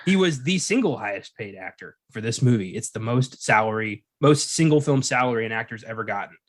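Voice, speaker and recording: Animated, swearing man in casual talk. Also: mid-range voice, fairly quick. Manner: profane, animated, laughs often. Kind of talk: casual chat.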